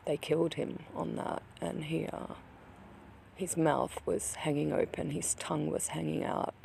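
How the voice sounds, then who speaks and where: Gravelly upset vlogger, keeps restarting, slips into whispers, faint hiss behind. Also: medium pitch, fairly even intonation, a little mellow. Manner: halting, many restarts, drops to a whisper. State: upset, grieving. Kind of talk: personal account to camera.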